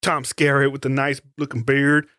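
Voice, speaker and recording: A man's voice: medium pitch, little pitch movement, moderate pace, bright, forceful tone, clear, resonant tone, dry recording, clean studio sound. A man co-hosting a podcast, retelling a horror movie scene in a laid-back, profane way. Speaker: podcast co-host. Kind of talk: casual movie chat.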